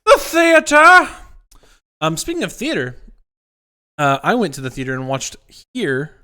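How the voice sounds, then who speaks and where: Man, podcast co-host, smooth clear voice, casual chat, restarts and repeats words. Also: on the high side, big pitch swings, moderate pace, a bit bright.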